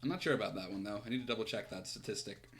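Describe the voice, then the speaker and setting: A man's voice: on the low side, very fast, a bit bright, faint music behind. A man streaming a video game, chatting casually and laughing at his own voices between reading the dialogue aloud. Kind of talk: let's-play commentary and voicing game dialogue.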